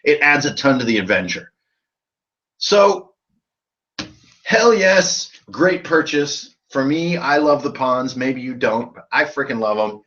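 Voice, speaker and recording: The host of a tabletop RPG channel chats on a casual live stream, tipsy from drinking and rambling in a loose, profane way. His voice is medium-pitched, a bit bright, unhurried and lively in intonation, captured in dull lo-fi sound.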